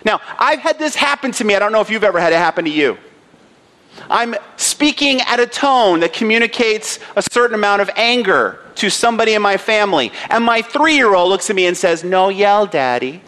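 A pastor in his thirties delivers an earnest, emphatic sermon in a notably high voice. He leans into points with personal stories and plain conviction. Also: expressive, brisk, sharp tone.

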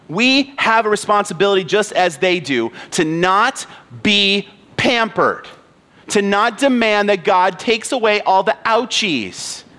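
A man's voice: a little high, a bit bright, in a large hall. A man pastor preaching a sermon in an earnest way, pressing with rhetorical questions. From United States.

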